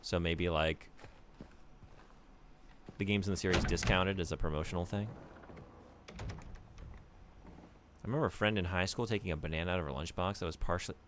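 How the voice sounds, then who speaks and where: Deep-voiced man chatting while streaming. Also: a little fast, long pauses, background noise. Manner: animated, rambling, chats with viewers. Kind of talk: casual gameplay commentary.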